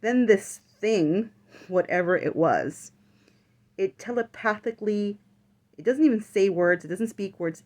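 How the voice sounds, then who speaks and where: A woman's voice: lowish voice, a little mellow. A woman vlogger telling a personal story in casual chat, full of fillers and the odd swear word.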